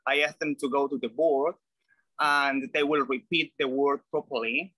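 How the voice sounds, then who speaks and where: A man's voice: mid-range voice, steady tone, normal speed, sharp tone, no echo, low-quality recording. A man who teaches describes his classroom routine step by step. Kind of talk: sharing classroom experience in a discussion.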